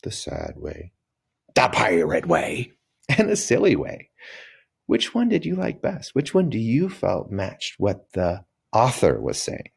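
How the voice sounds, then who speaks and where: A man teaching a recorded reading lesson for children, talking straight to the kids in a lively, coaxing way. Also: on the low side, takes it slowly, creaky, breathy edge.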